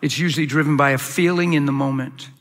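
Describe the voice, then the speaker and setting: A middle-aged male pastor preaching a sermon, telling stories with animated acted-out quotes. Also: a little high, fast. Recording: long hall reverb.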